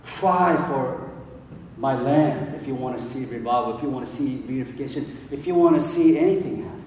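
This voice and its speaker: A man voicing God as a calm, commanding presence, speaking low and earnestly in his own voice. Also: a little fast, slight background noise, close to an everyday voice. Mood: solemn. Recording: echoey hall from far off.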